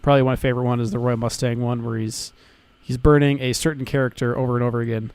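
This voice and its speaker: A young man co-hosting a podcast in casual chat, talking excitedly, swearing often and restarting his sentences. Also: mid-range voice, quick pace, clean tone, dry recording. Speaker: podcast co-host.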